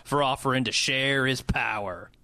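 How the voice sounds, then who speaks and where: A man's voice: mid-range voice, normal speed, sharp tone, no room sound. A man playing a callous, flippant villain leader in a comedy sketch. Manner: flippant, bored cruelty. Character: callous ruthless male villain leader, middle-aged.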